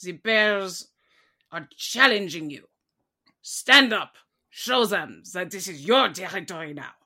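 A woman's voice: on the low side, expressive, slow pace, sharp tone, full character voice. A woman voicing a brash, commanding cat warrior with a German accent in a tabletop game. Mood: rousing. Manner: grandly exhorting.

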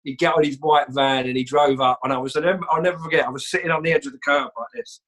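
A man telling a lively story in a casual chat. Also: a little high, fast talker, low-quality recording. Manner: lively storyteller, animated retelling.

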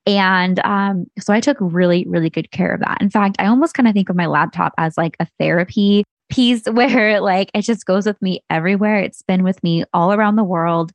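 A woman in her thirties chats through a casual solo story, rambling and circling back with plenty of fillers. Her voice has a gravelly, fry-tinged edge. The sound is dry and close. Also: medium pitch, moderate pace, hardly any pauses, dry recording. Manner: chatty, rambling, full of "like" and restarts. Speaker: podcast host and business owner.

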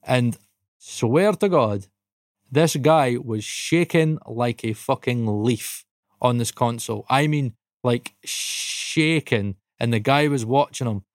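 A man from Dundee with a Scottish accent, co-hosting a podcast and telling a casual story, animated and swearing freely. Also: medium pitch, takes it slowly, no room sound, clean studio sound. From Dundee, Scotland. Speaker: podcast co-host.

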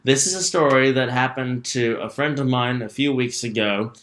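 A man's voice: mid-range voice, moderate pace, fairly bright tone. A young man co-hosting a casual podcast chat, camp and teasing in his banter. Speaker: podcast co-host.

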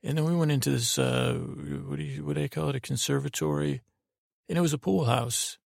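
Gravelly man rambling a drowsy story. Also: fairly high pitch, fairly even intonation, fairly quick, no echo, studio quality. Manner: meandering, hesitant, full of restarts and asides. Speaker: podcast host. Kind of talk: rambling sleep-story narration.

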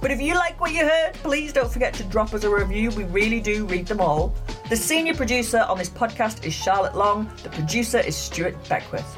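Lively woman hosting a podcast. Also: on the high side, brisk, over music. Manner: expressive, gasping and laughing along. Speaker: podcast host. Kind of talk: casual interview chat.

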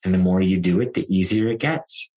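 A man who works as a life coach, talking in a calm, reassuring and reflective way. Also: low-pitched, brisk, low-quality recording. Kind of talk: conversational coaching talk.

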